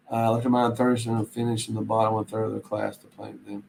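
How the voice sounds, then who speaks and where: A man's voice: lowish voice, flat delivery, fast talker, gravelly, hardly any pauses, a little mellow, slight background noise, poor audio. A man hosting a reselling channel, chatting casually and rambling while he reads viewer comments aloud. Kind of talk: casual live-stream chat.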